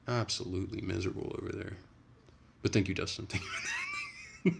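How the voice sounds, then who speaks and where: Low gravelly young man chatting on stream. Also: fairly quick, raised voice, noisy background. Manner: chatty, profane, animated ranting. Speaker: livestream host. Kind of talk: casual livestream chat reading comments. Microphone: phone.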